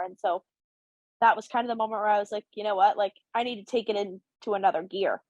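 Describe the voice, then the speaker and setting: A woman in her twenties, a podcast guest telling her story in a casual, animated way and acting out the voices in it. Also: medium pitch, fast talker, no room sound, dull audio. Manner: animated, acts out quoted dialogue. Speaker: podcast guest, college hockey player.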